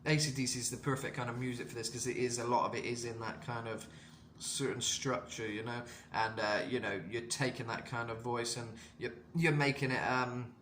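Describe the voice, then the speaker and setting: A man's voice: medium pitch, little pitch movement, brisk, fairly bright tone, roomy sound, a little hiss or hum. A man giving a casual singing lesson and explaining vocal technique in loose, rambling talk full of fillers. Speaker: vocal coach.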